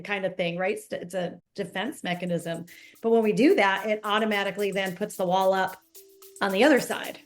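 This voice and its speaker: A woman's voice: mid-range voice, fairly even intonation, brisk. A woman podcast host with a Brooklyn accent, chatting casually and giving everyday examples. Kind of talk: casual interview chat.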